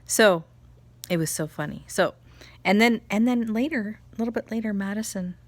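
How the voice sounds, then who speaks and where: A mother chatting casually about spiritual energy, telling family stories with animated laughter. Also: medium pitch, normal speed, no room sound. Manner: animated storytelling, laughs often. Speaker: vlogger, mother. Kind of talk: casual chat, spiritual reflection.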